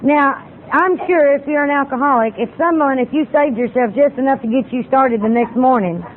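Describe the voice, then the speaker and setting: A woman giving a personal recovery talk at a retreat, telling her story in a folksy way and acting out the exchanges she quotes. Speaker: retreat speaker. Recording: tinny lo-fi tape with faint rumble.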